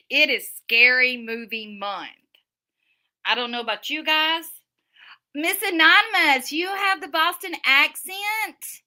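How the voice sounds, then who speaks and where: A middle-aged woman, hosting a livestream, chatting casually with viewers and telling stories. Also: fairly high pitch. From Southern United States. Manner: chatty storyteller, animated, many restarts. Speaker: livestream host. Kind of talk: casual chat reading viewer comments.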